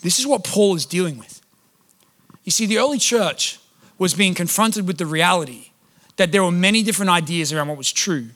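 A pastor preaching a sermon in a chatty, humorous way, with lively storytelling. His voice sits high and sounds bright. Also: a little fast. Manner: conversational and humorous, animated storytelling.

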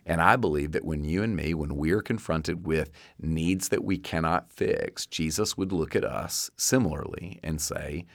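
A very deep-voiced man with a drawl preaching a sermon. He speaks earnestly and conversationally and often restarts his phrases. The sound is dry and close, with no room echo. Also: unhurried, few pauses. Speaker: pastor.

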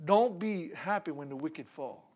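A man's voice: a little high, a little slow. A man preaching a sermon, retelling a Bible story with laughter, stumbles and repeated words. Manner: animated storytelling with laughs and repetitions.

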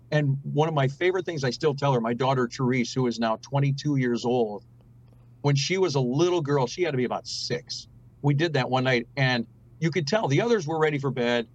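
Husky man telling stories, lo-fi line. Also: mid-range voice, animated, moderate pace. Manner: storytelling, earnest, preachy. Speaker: radio host and guest. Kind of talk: casual conversation.

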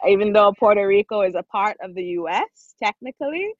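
A woman's voice: mid-range voice, expressive, fairly quick, no echo. Thoughtful Jamaican-born woman, dull dry recording. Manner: thoughtful, with frequent "um" and "you know". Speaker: documentary film organization representative. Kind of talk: interview answers.

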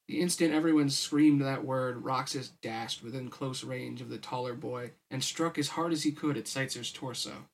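A man's voice: mid-range voice, normal speed, vocal fry, few pauses. Tired man reading a story aloud. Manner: casual, weary asides. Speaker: podcast host reading a novel. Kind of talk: audiobook-style story reading.

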